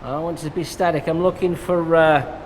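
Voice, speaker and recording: English hairstylist talking through a cut. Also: male voice, on the high side, a little fast. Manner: relaxed, chatty, joking asides while cutting. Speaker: hairstylist and educator. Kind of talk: live haircut tutorial commentary. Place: hair salon. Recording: echoey salon with background noise.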